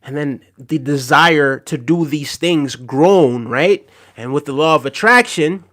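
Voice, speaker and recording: Hosting a livestream, a man reads viewer comments in an unscripted, casual way, packed with fillers, repeated phrases and constant "right?" checks. His voice is on the high side, unhurried and a bit bright.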